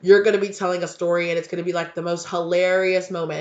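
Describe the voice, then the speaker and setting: A man's voice: high-pitched, little pitch movement, racing, hardly any pauses. A man giving a casual, chatty tarot reading with slangy, emphatic talk. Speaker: tarot reader. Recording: dull lo-fi recording.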